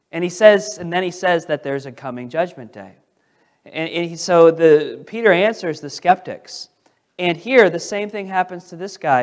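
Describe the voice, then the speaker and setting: A man preaching a sermon as pastor, animated, with restarts as he paraphrases scripture and swings between loud emphasis and quiet asides. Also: fairly high pitch, unhurried.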